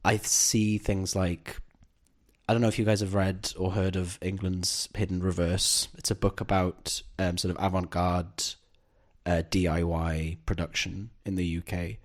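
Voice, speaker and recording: A man's voice: low-pitched, flat delivery, unhurried. A man co-hosting a podcast, talking in casual discussion, hesitant and full of "sort of" hedges. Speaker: podcast co-host.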